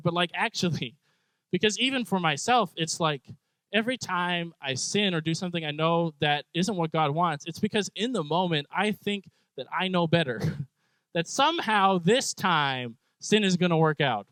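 A man giving a casual devotional talk, animated and joking, with self-deprecating humor. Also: on the high side, moderate pace, clear, resonant tone, no echo, poor audio. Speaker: Bible teacher.

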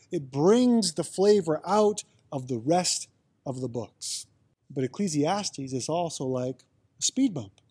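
A man giving a casual, playful teaching talk on the Bible, with sudden animated exclamations. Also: high-pitched, husky.

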